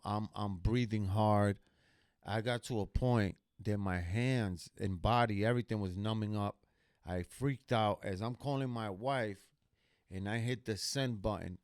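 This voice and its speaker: A man's voice: lowish voice, no echo, clean studio sound. A man streaming a reaction video, telling a personal story casually in a blunt, profane, emphatic way.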